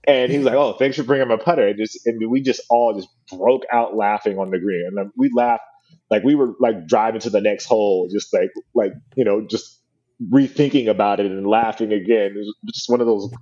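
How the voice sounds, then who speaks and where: A man being interviewed, telling a story in a relaxed, rambling way full of restarts. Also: on the low side, fairly quick, dull audio. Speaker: guest. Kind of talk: casual interview chat.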